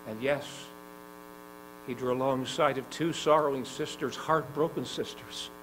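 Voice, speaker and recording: A male preacher delivering a sermon in a gospel hall, voice at an ordinary middle pitch. He repeats phrases and puts questions to the congregation, surging loud and urgent, then falling slow and quiet. A faint mains hum runs beneath the recording. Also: fairly even intonation. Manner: emphatic, swinging between loud urgent climbs and soft slow drops.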